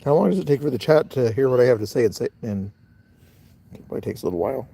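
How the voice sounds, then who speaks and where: A man's voice: medium pitch, animated, quick pace, creaky, warm tone, slightly rough. A middle-aged man hosting a casual livestream outdoors, rambling and talking straight to his chat. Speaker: livestream host.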